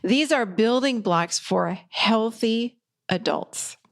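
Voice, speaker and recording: A woman's voice: a little high, expressive, slow pace, gravelly. A middle-aged woman, a podcast host and life coach, giving an upbeat, encouraging motivational talk with emphatic delivery.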